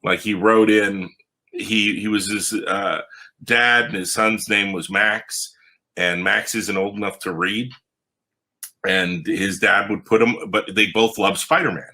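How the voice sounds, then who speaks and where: A man with a very bright, forceful voice tells his stories in a lively way. He is a comic book writer talking on a podcast, and he jumps up in pitch to act out the people he quotes. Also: a little slow. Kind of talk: animated storytelling in a podcast interview.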